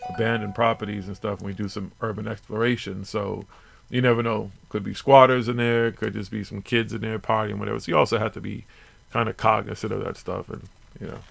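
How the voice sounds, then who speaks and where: A man's voice: on the low side, flat delivery, fast, creaky, a bit bright. A man co-hosting a live radio talk show, talking in loose, slangy casual chat full of fillers and curses. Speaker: co-host.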